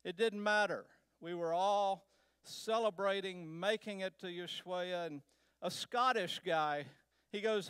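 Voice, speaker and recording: A man from Texas, a guest speaker, telling a personal travel story to a church in a slow, unhurried way with pauses. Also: high voice, a bit bright, smooth, no echo. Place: church sanctuary.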